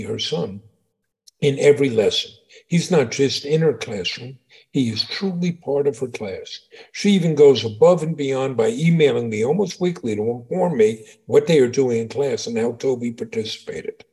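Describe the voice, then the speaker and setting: A middle-aged man from New York co-hosting a casual show, telling jokes and reading news stories in an animated way. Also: medium pitch. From New York, USA. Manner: animated storyteller, reads stories aloud. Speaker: podcast co-host, father. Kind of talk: casual chat.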